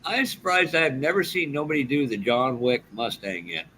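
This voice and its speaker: A man's voice: mid-range voice, very animated, moderate pace, bright, forceful tone, slight background noise, poor audio. A man teasing and joking in a casual group call during a livestream. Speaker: livestream participant.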